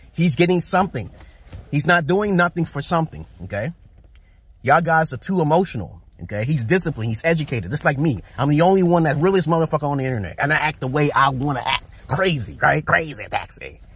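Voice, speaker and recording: A man from Brooklyn, in his forties, with a New York accent and a fairly high, slightly rough voice. He rants casually to camera for his vlog, preachy, blunt and full of profanity.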